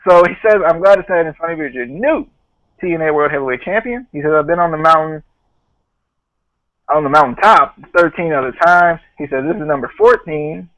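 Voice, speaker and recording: A man hosts a casual podcast recap, retelling what people said in a loose, joking way. His voice sits a little high. The sound is dry and close, with no room around it. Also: expressive, a little fast, fairly bright tone, no room sound, rough recording. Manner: laughs often, quotes others in a loose retelling. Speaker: podcast host.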